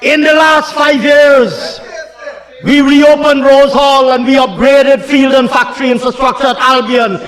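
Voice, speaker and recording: Guyanese guy, minister, slow deliberate budget speech, big echo of a parliament chamber. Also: extremely high pitch, fairly even intonation. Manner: emphatic, repeats lines, builds to shouting at the opposition. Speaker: government minister presenting the budget. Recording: long reverb of a parliament chamber.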